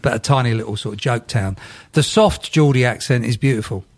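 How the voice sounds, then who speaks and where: A man's voice: mid-range voice, a little fast, a little mellow. A man co-hosting a podcast in casual chat, rambling and breaking off mid-sentence as he tells stories. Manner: rambling, self-interrupting storyteller. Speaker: podcast co-host.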